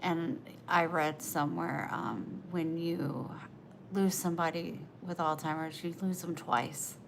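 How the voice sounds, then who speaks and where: A woman's voice: low voice, fairly even intonation, slow, gravelly, noisy background. A woman livestreaming, chatting with her viewers in a tender, emotional, rambling way. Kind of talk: casual live chat.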